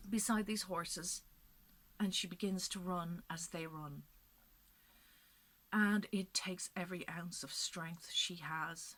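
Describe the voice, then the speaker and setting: A woman's voice: lowish voice, fairly bright tone. A woman storyteller narrating a legend expressively, building to dramatic peaks and dropping to whispers.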